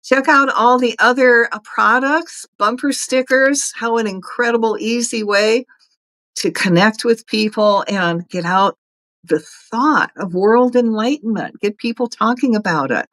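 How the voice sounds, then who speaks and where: A woman's voice: a little high, measured pace, a bit bright, dry recording, poor audio. A middle-aged woman hosting a casual spiritual talk, earnest, chatty and encouraging. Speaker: host.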